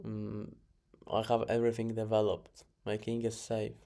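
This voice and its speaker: A man's voice: fairly low pitch, completely flat delivery, moderate pace, warm tone. A man casually reviewing his own chess games, muttering moves, correcting himself and chuckling along the way. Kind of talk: casual game review commentary. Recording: clear background noise.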